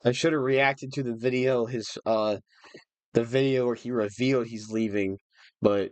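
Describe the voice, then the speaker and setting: A man's voice: mid-range voice, steady tone, normal speed, a little mellow, dry recording. A young man chatting on a livestream, emotional and rambling, restarting his sentences often. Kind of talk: casual livestream chat.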